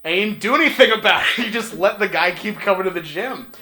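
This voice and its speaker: Bright, animated man telling a story. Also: high voice, quick pace. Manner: animated, swearing, laughing through his story. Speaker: podcast co-host. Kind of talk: casual storytelling chat.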